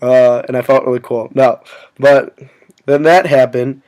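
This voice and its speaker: A young man casually telling a story to his viewers, rambling and filling every pause with "like". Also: medium pitch, steady tone, darkish tone. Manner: rambling, full of "like" fillers. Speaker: vlogger.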